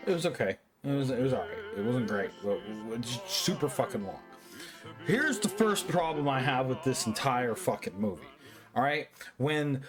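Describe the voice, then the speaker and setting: A young man gives a tipsy, rambling review of an animated film. He swears constantly and trips over his own sentences, his voice sitting at an ordinary middle pitch. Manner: rambling, profane, many restarts and fillers. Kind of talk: drunk casual review monologue.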